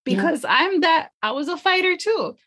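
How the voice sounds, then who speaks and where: A woman's voice: very high-pitched, very animated, normal speed, a crowd in the background. A woman empowerment coach in a casual podcast conversation, speaking earnestly and emotionally from her faith.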